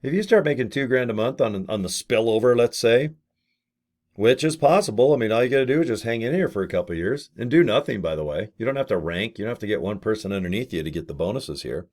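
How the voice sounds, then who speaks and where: Speaking fast and expressively, this man in his fifties has a lowish, darkish voice. He's a network marketing affiliate in his late fifties chatting casually to camera about a business opportunity, folksy and blunt, swearing mildly and wandering into asides.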